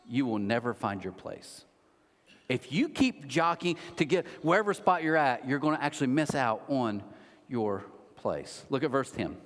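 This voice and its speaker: Animated middle-aged pastor preaching in a hall. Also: male voice, mid-range voice. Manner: humorous, animated, mocking asides. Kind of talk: sermon. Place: large church auditorium. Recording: long hall reverb.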